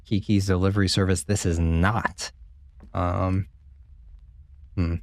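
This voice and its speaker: Playing a horror game on stream, this man trades jokes and curses with his viewers in easygoing let's-play commentary. His low voice is slow and darkish with little pitch movement, and there's a little hiss or hum.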